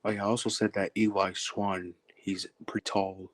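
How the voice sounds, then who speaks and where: A man in casual chat, explaining his own characters in short, halting bursts. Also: on the low side, flat delivery, no room sound.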